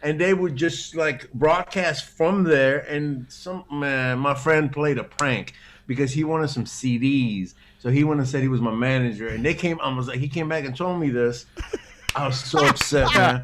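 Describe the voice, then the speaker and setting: A man's voice: medium pitch, moderate pace, background noise. Laughing, laid-back male storyteller. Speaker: guest guitarist. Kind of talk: casual storytelling chat.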